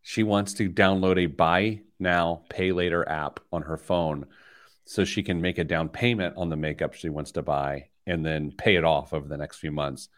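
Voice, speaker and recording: A middle-aged man hosting a money radio show, telling stories in lively banter that gets loud when he's excited. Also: deep voice, moderate pace. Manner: animated storyteller, rising loud when excited. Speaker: radio show host, financial planner. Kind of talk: casual studio banter.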